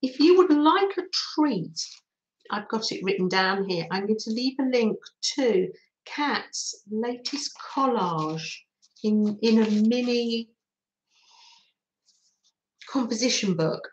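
A middle-aged woman hosts a relaxed live craft stream, chatting cheerfully to her viewers and laughing often. Her voice sits a little high and swings widely in pitch, and she talks slowly. The room around her sounds echoey. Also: lo-fi sound. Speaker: craft livestream host.

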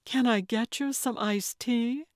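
A woman's voice: a little high, a little slow, no room sound, studio quality, voice pushed up, natural voice. A woman voicing a charming, gracious older lady who speaks in a sweet, cooing, lilting way in an audiobook. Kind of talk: audiobook character voice.

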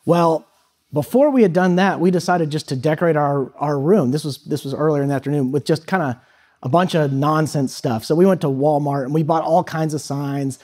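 A high school guest speaker, a man in his thirties, relates a personal story to students in a relaxed, filler-heavy way. His voice sits on the high side, brisk and darkish in tone.

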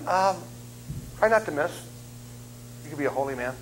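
A middle-aged man delivers a sermon in a church, his voice swinging widely up and down as he jokes with the congregation. His pitch sits a little high, and he breaks into loud put-on voices now and then. A faint hum runs underneath. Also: moderate pace, rough recording. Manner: joking, animated, acts out voices and screams. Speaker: guest preacher. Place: church sanctuary.

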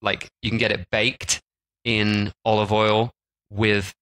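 A man co-hosting a travel and food podcast in a relaxed, conversational way. His voice sits a little low but has a bright, forward edge. He talks loosely, with frequent fillers and restarts. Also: slow pace, low-quality recording. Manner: chatty, lots of "like" and restarts. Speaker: podcast co-host. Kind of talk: casual chat.

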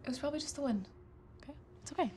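A woman's voice: sits high, racing, mellow, slight background noise, close to an everyday voice. A woman playing a nervous young Ouija player. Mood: uneasy. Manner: uneasy, hesitant. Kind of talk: short horror film acting.

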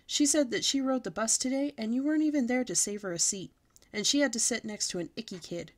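A woman's voice: fairly high pitch, quick pace, lightly acted. A woman reading aloud voices a sly little schoolgirl from a storybook, raised and sweet. She wheedles and coaxes, her words dropping near a whisper. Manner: coaxing, half-whispered.

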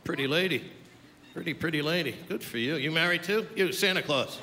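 An older male stand-up comedian does crude, brash crowd work on a comedy club stage, bantering with the audience in a brisk, slightly high voice. The live club recording is roomy, with loud crowd noise.

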